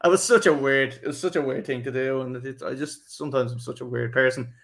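A man's voice: mid-range voice, steady tone, fast talker, creaky, fairly bright tone. A young man hosting a football podcast, rambling through a story with lots of swearing and laughter. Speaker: podcast host. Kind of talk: casual football podcast chat.

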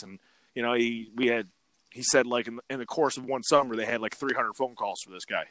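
A man's voice: medium pitch, fairly quick, dry recording. A young adult man casually telling a story on a podcast, acting out the other people's lines. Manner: animated, acts out quotes. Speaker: podcast co-host.

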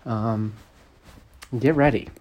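Guy reading his own book out loud, jokey chatty asides, lots of um and like. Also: lowish voice, takes it slowly, muffled recording. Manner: casual, joking, frequent fillers.

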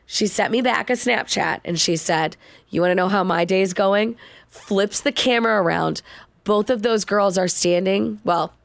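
A woman's voice: mid-range voice, normal speed, creaky, no echo. A young pregnant woman co-hosting a podcast, telling a friend's story in friendly casual chat. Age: young adult. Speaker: podcast co-host.

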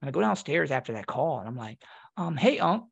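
Gravelly young man telling a story. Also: on the high side, brisk, highs cut off. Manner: animated, acts out quoted voices. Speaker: podcast guest. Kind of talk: casual storytelling.

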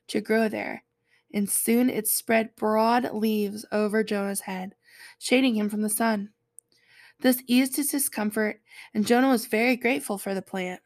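A young woman giving casual, slangy Bible study commentary, chatty and quick to laugh. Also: mid-range voice, gravelly. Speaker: Bible teacher.

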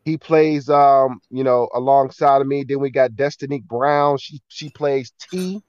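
A man's voice: mid-range voice, measured pace, darkish tone, smooth, no room sound, highs cut off. A man talking about his film project in a casual podcast chat, stumbling over fillers and repeating words. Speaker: filmmaker and actor guest.

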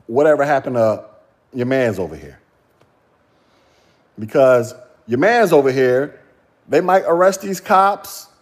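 A man hosting a solo podcast rant, mocking and profane, laughing and firing rhetorical questions. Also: on the high side. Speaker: podcast host.

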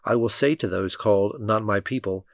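A man reading Bible passages aloud in a steady, measured way. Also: on the low side, dry recording, clean studio sound. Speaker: scripture reader.

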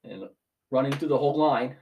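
A man's voice: mid-range voice, steady tone, a little fast, a little mellow, a little hiss or hum. Ranting young man, casual podcast. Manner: ranting, swears freely. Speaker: podcast co-host. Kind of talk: casual chat.

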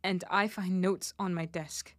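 A woman playing a young woman harassed at her office, speaking in halting, emotional lines of a spoken word drama. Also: lowish voice, steady tone, no room sound, natural voice. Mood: anguished. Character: young woman harassed at work after an assault.

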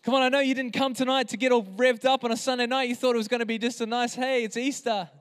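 A man's voice: very high voice, steady tone, very fast, a bit bright, clean tone. Guy pastor preaching hard, repeats his lines, echoey church hall. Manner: impassioned, emphatic, repeats phrases. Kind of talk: sermon. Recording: reverberant hall.

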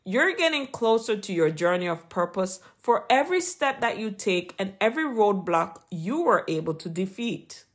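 Earnest Jamaican woman, lively pitch. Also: moderate pace, few pauses. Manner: earnest, encouraging, read from a script. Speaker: podcast host. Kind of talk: scripted Christian motivational talk.

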